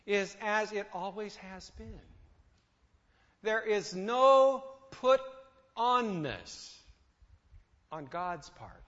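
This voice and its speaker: A man's voice: high-pitched, a bit bright. A man preaching a sermon, asking his listeners questions and acting out what others say. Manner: asks the listeners questions, acts out quoted speech. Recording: dull sound in a hall with long reverb.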